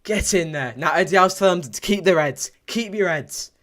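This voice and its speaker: Excitable young fan commentator. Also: male voice, sits high, normal speed. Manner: excitable, repetitive, bursts into shouts at big moments. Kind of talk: live football watchalong commentary, reading chat.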